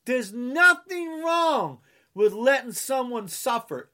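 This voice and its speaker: Slow, sarcastic ranting man from New Jersey. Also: very high voice, big pitch swings, a bit bright. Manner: sarcastic, indignant, repeats mocking refrains; insulting, scolding the listener. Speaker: political commentator. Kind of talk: angry political rant to camera.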